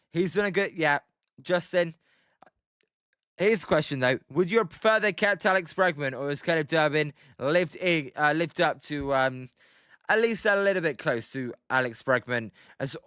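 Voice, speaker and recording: A young British man calls a game live, narrating each pitch in between casual chat with his viewers. His voice is a touch high and smooth, recorded close and dry with no room sound. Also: a bit bright, dry recording. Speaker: livestream host. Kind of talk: live play-by-play commentary with chat.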